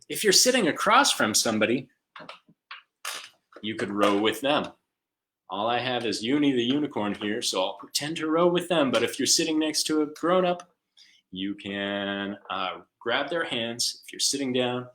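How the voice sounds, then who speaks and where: A man leading a live online music class for young children at home, chanting and singing in a slow call-and-response style. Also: medium pitch, lively intonation, a bit bright. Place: home room.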